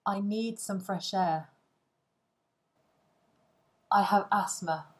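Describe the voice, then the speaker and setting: A woman reads short phrases aloud for learners, one after another, with pauses between them. She speaks slowly and carefully, at a middle pitch. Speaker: language learning reader. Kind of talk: slow phrase-list reading for learners.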